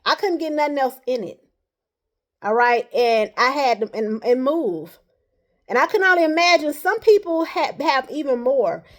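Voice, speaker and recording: A woman's voice: high voice, lively intonation, normal speed. A woman talking to camera in a casual vlog, rambling and earnest, often tagging her points with "all right.". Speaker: vlogger.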